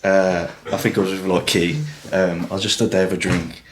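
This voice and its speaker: A man's voice: deep voice, level tone, moderate pace. A young man talking casually on a podcast, rambling and swearing, with lots of fillers. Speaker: podcast guest. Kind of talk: emotional casual chat.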